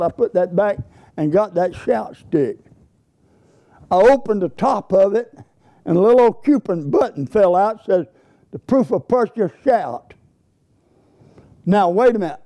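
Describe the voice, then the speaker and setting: Preacher man, high voice but dark mellow tone, folksy stories then loud praise. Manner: folksy storytelling, rising to exuberant shouts of praise. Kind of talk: sermon with storytelling.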